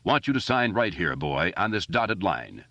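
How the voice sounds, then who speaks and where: A man voicing a wisecracking boy who keeps doing silly voices, in a jokey, squeaky manner. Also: very animated, moderate pace, a bit bright, no room sound, heavily acted. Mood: joking. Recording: dull lo-fi audiobook recording.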